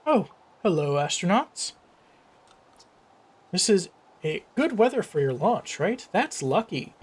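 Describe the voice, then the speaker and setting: A man's voice: high voice, very animated, takes it slowly, husky, voice pushed up, full character voice. A man reading a friendly alien villager's lines aloud in a plain voice, close to his own. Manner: plain read-aloud delivery. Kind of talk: reading game dialogue aloud.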